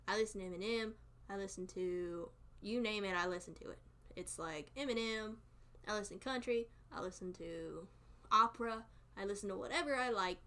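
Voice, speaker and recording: A woman's voice: fairly high pitch, a bit bright. A young woman with a Southern US accent, chatting casually with her live stream chat, playful and often laughing.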